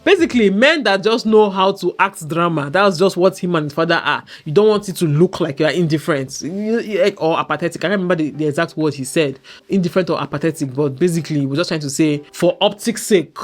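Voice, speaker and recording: A woman with a Nigerian accent, hosting a casual commentary show in an animated, opinionated way and often checking in with "okay?". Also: on the low side, quick pace. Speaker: show host.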